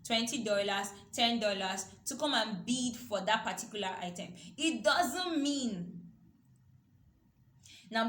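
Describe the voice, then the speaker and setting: A woman's voice: mid-range voice, fairly bright tone. A woman teaching a youth Bible study, earnest and repetitive, quoting scripture. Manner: earnest, repeats herself, quotes scripture. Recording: echoey room with faint noise.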